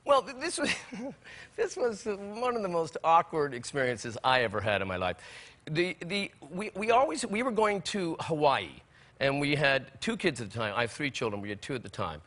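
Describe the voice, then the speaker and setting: A man in his sixties, a talk show guest, telling a comic anecdote with animated delivery, stammered restarts and acted-out voices. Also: fairly high pitch, moderate pace. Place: television studio with live audience.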